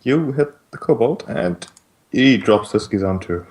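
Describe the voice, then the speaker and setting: A young man narrating a tabletop game as game master, in a relaxed, matter-of-fact way with some hesitant restarts. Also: mid-range voice, unhurried.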